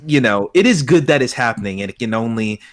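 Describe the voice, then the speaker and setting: A man's voice: mid-range voice, animated, fast talker. A man talking as a podcast guest in casual chat, earnest and a bit repetitive. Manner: earnest, repeats himself.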